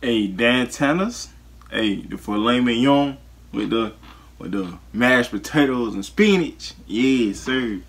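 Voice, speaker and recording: A man reacting to a clip with slangy asides, loud laughs and exclamations. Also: medium pitch, expressive, takes it slowly, slightly rough. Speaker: reaction video host. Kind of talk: casual reaction commentary.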